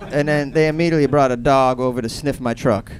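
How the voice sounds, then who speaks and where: A man in his thirties from Boston doing a stand-up comedy set, telling a loose, profane story with sudden loud bursts. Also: mid-range voice. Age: 30s.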